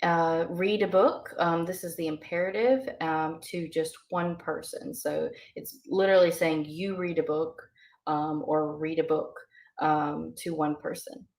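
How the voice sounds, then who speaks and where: A woman's voice: sits low, fairly even intonation, a little slow, darkish tone. A woman teaching beginner vocabulary in a casual, hesitant way, with many ums and uhs. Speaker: language teacher. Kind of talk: casual lesson explanation.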